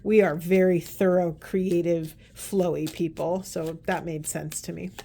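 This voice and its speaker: A woman's voice: lowish voice, steady tone, unhurried, gravelly, dark tone. A woman giving a spiritual oracle card reading to camera, chatty and earnest, rambling with many restarts. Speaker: tarot and oracle card reader.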